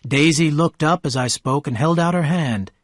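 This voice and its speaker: Brief: male narrator for a graded storybook reading, steady and clear, dry close sound. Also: fairly high pitch, moderate pace, dry recording. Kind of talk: scripted storybook narration for English learners.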